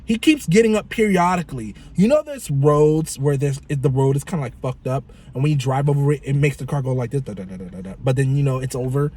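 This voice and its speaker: A man's voice: medium pitch, fairly quick, few pauses, mellow. A man vlogger telling a story in a casual, profane, exasperated rant.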